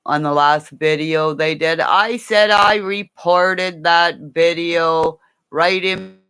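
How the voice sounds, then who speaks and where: A woman's voice: lowish voice, fairly even intonation, slow, a bit bright, clean tone. A woman from Canada ranting angrily to camera in a profane, rambling monologue. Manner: profane and angry; rambling, jumps between topics. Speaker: vlogger.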